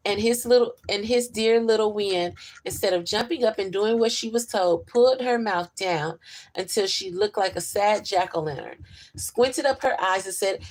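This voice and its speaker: A woman reading a children's book aloud in a gentle, even storyteller's manner, with small slips. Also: mid-range voice, normal speed.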